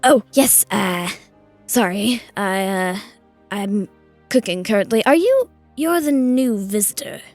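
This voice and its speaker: A flustered middle-aged cook, freckled and bearded, who stumbles over his words and apologizes, as a woman puts him on. He speaks slowly and evenly, with faint music behind him. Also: medium pitch, animated, darkish tone. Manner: hesitant, apologetic, stammering.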